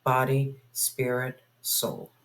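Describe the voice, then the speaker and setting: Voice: mid-range voice, monotone, takes it slowly, rough recording. A tarot reader giving a spoken reading to viewers, musing aloud and asking spirit questions in an intuitive way.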